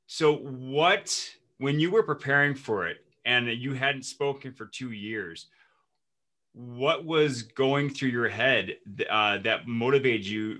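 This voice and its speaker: A man's voice: mid-range voice, sharp tone. A man hosting an interview, asking attentive, encouraging questions. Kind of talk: podcast interview.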